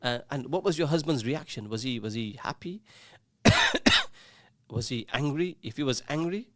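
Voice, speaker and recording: Male radio host, joshing and chatty, dry close studio sound, mid pitch. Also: lively intonation, normal speed, dry recording. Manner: jokey, teasing, reads out listener messages. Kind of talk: casual call-in radio chat.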